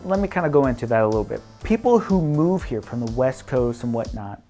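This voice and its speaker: A man's voice: medium pitch, lively intonation, a little fast, warm tone, faint music behind. A man from the Midwest, a real estate broker talking casually to camera, playful and chatty, often laughing and acting out what people say.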